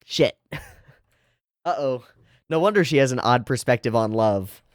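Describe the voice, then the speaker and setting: Animated, chatty man reading a manga. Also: medium pitch, slow pace, no echo, studio quality. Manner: chatty, animated, swears casually. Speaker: manga reader and channel host. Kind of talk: reading a manga aloud with casual commentary.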